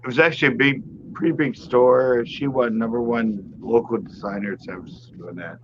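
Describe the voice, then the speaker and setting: A man's voice: mid-range voice, steady tone, a little fast. A middle-aged man chats casually on a livestream, telling stories and laughing often. The sound is a little dull, with faint noise behind him. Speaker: guest.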